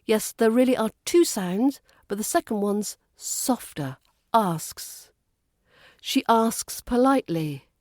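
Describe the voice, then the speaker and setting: A woman's voice: fairly high pitch, animated, measured pace, few pauses, darkish tone, no room sound, clean studio sound. A woman with a British RP accent giving a scripted pronunciation lesson as an accent coach, precise and dryly playful.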